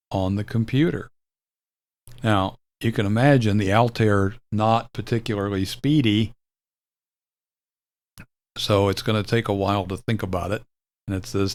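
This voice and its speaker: An older man hosting a video, explaining a retro computer program in a relaxed, rambling way, with fillers and self-corrections. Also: lowish voice, moderate pace, long pauses. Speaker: video host demonstrating retro software. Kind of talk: casual explanatory demo.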